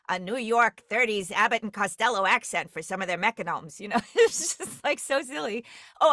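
A woman from the US Great Lakes region, a dialect coach and voice actress with that regional accent, speaks in a mid-range, slightly bright voice. She's interviewed remotely for a podcast from her home computer, rambling and digressing, and the recording is dry and studio quality.

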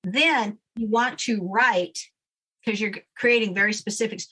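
A woman's voice: medium pitch, a little slow, bright, forceful tone, slightly rough. A woman guest explaining a daily routine step by step in a firm, instructive way during a casual interview. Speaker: guest, name expert.

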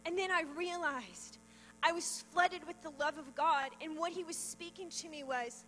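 A woman's voice: high voice, normal speed, sharp tone. A middle-aged woman telling her testimony from a church stage, earnest and emotional, in a reverberant hall with mains hum. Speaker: pastor's wife giving testimony. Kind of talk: testimony sermon.

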